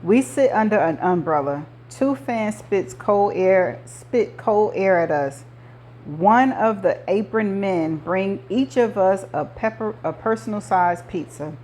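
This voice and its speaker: A woman reading a novel aloud, narrating in the first person with measured delivery. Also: medium pitch, lively intonation, a little mellow, a little hiss or hum. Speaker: audiobook reader.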